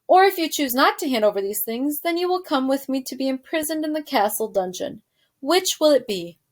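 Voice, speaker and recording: Woman voicing a storybook soldier, male, dutiful, formal, loud, patient. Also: high voice, lively intonation, brisk. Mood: formal, firm. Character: the king's soldier, dutiful, stern but kind, male.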